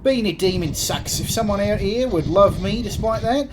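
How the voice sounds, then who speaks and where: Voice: medium pitch, expressive, normal speed, noisy background, voice pushed up, natural voice. A gamer voicing a cheery, clout-hungry male demon postman in a put-on New Zealand accent, eager and chummy. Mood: wistful. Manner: chummy, eager, calls people mate.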